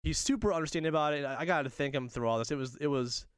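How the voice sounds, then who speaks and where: Animated young man telling a story. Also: fairly high pitch, very fast, smooth, no room sound, clean studio sound. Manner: animated, laughs often, acts out voices. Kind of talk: casual storytelling chat.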